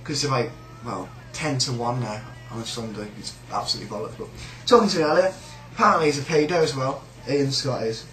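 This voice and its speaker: A man's voice: mid-range voice, quick pace, few pauses, a bit bright, echoey room, low-quality recording. A man with a British accent ranting in a sneering, rambling, sweary way about a coworker. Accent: British English. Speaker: shop worker. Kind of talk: casual rant.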